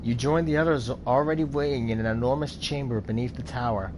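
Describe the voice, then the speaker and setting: A man's voice: mid-range voice, fairly quick, hardly any pauses, noisy background. A man playing a video game, reading its dialogue and narration aloud in a dramatic way, with his own comments in between. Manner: dramatic reading, voicing different characters. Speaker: video game let's player.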